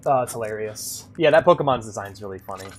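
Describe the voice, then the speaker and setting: Talking quickly in a fairly low, expressive voice, a young man plays a horror game on stream and rambles to chat, restarting his sentences and saying "like" a lot. A little hiss or hum sits under the audio.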